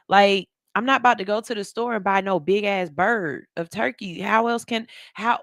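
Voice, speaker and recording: A woman's voice: deep voice, a bit bright, clear, resonant tone, no room sound, clean studio sound. A middle-aged woman, hosting a radio show and chatting loosely, laughing and using slang as she reads listener comments. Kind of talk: casual chat reading viewer comments. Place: radio studio.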